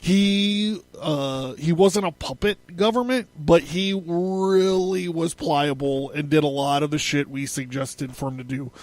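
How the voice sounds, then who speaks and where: A man's voice: a little high, a little slow, few pauses, no echo. A man hosting a solo podcast, rambling and profane, laughing often and stammering through his notes. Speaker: podcast host. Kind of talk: casual solo podcast commentary.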